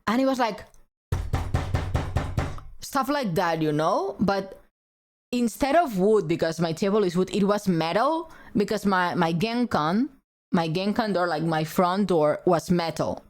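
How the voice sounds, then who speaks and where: A woman streamer tells a story to her live chat in a relaxed, unhurried way. She laughs often and drops Japanese words into her English. She sounds close to a desk mic. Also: medium pitch.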